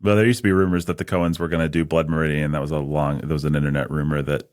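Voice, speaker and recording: Low-voiced man in casual book talk. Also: little pitch movement, fast, darkish tone. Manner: rambling, restarts, reads patron names. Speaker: podcast co-host.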